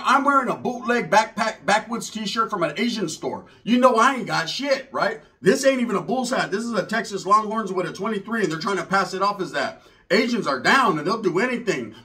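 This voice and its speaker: A man telling a comedic story with heavy slang and profanity, sliding into low muttered voices when he quotes other people. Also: bright, forceful tone.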